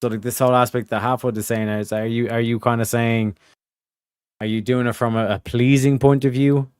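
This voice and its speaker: A man's voice: mid-range voice, level tone, brisk, darkish tone, clean tone, no room sound, clean studio sound. A man hosting a casual stream chat, rambling with many fillers and restarts over a video call. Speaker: streamer host.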